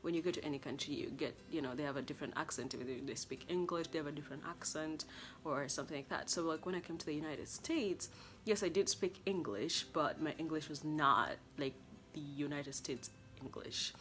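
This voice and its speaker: A young woman from Kenya with a Kenyan accent, a college student chatting to camera in a lively way about life abroad. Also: sits low, brisk, soft background music. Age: young adult. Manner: chatty and expressive, acting out past conversations. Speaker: international college student vlogger. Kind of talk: casual vlog talk to camera.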